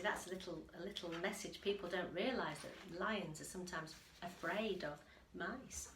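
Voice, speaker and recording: A woman teacher reading a picture book aloud to children, expressive and unhurried, with chatty asides. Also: on the low side. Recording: echoey room.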